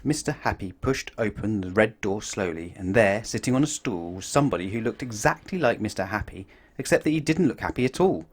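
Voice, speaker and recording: A man reading a picture book aloud to children in an expressive, animated way. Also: fairly low pitch, fairly quick, breathy edge. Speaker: children's story reader.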